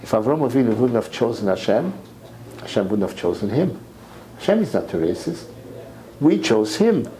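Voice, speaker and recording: A man giving an impassioned sermon lecture, repeating words as his voice climbs to near shouts. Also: mid-range voice, big pitch swings, normal speed, pauses often, poor audio. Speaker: rabbi lecturer.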